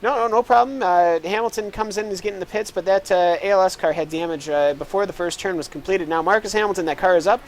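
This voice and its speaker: A man's voice: sits high, fast, few pauses. A man giving live sim racing analysis on a headset mic, rambling with lots of uhs. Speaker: race commentator. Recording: noisy broadcast audio.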